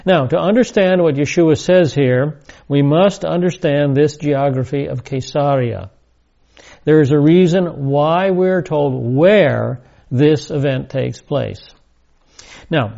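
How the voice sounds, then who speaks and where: A man teaching a Bible study lecture, speaking deliberately and emphatically, repeating key words. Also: fairly high pitch, vocal fry, dark tone, highs cut off.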